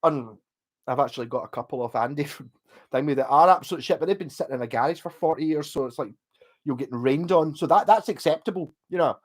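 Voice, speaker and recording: A slightly high-voiced man with a Scottish accent chats on a live stream. He has had a few drinks and rambles from one thing to the next, swearing freely in a casual, unpolished way. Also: fast talker. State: tipsy from drinking.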